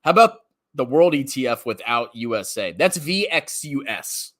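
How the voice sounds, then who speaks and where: A man's voice: mid-range voice, very animated, normal speed, a bit bright. A man ranting as a finance commentator on a livestream, mocking and laughing often while answering chat questions.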